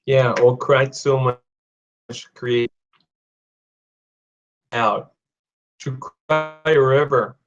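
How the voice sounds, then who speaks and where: Young man, English teacher, live-stream lesson, chatty, joking, slow pace, mid pitch, slightly muffled audio. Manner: chatty, reads viewer comments aloud, jokes.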